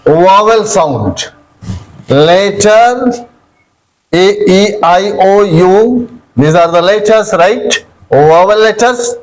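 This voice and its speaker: An Indian English man with a highish voice teaches pronunciation at a very slow, drawn-out pace. He spells each word out letter by letter and repeats it, often addressing his listeners as "dear". His delivery is patient and methodical, like a classroom lesson. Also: expressive, poor audio. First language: Hindi.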